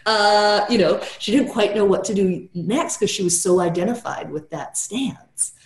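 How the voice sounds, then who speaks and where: A woman's voice: medium pitch, moderate pace, roomy sound. A woman therapist telling a client story in casual podcast talk, tagging nearly every sentence with "right?" and "you know".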